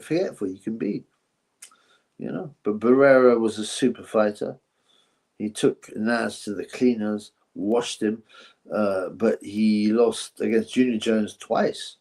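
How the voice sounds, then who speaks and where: A man's voice: mid-range voice, a little mellow. Rambling male boxing stream host. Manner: rambling and chatty, thinks aloud with fillers; reads out donations and thanks viewers. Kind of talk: casual livestream chat.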